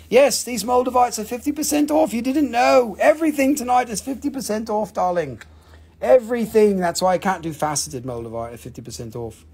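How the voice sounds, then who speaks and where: A man's voice: high voice, animated, normal speed, gravelly, darkish tone, breathy edge. A man hosting a live crystal sale stream, joking around and calling out buyers' names and prices. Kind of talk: live sales stream chat.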